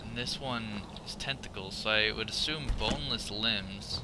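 A man giving live gameplay commentary, profane and excitable, thinking out loud and yelping at scares, with loud game sound under his voice. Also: fairly low pitch, moderate pace, very noisy. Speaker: let's play gamer.

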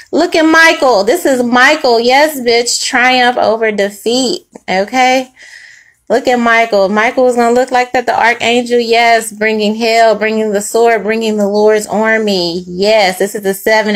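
A woman giving a casual tarot reading, blunt and profane, laughing between lines and preaching in asides. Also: on the high side. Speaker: tarot reader.

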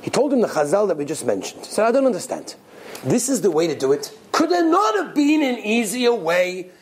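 A man giving a storytelling Torah lecture as a rabbi, animated and often repeating words as he goes. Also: sits high, a little fast. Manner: animated, repeats words while telling stories.

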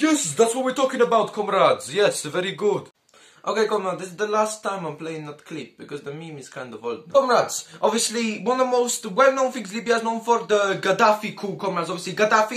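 Brief: high-voiced male YouTuber, profane comedic commentary, addresses viewers as comrades. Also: a bit bright. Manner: crude, profane and joking, calls the audience comrades.

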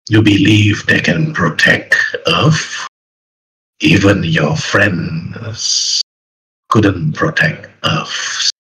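A man voicing a menacing monster who serves an evil queen, speaking in slow, gloating threats. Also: sits low, sharp tone, voice pushed down, heavily acted, low-quality recording.

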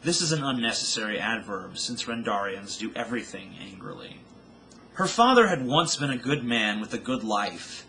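A man's voice: on the low side, very animated, moderate pace, sharp tone, slight background noise, poor audio. A man reading his own novel aloud with dramatic storytelling narration.

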